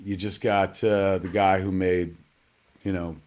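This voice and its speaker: A man's voice: low voice, little pitch movement, a little slow, a little mellow. Joking, rambling man hosting live. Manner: rambling, joking, self-mocking, salty language. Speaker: host of a live digital premiere. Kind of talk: casual live-stream hosting.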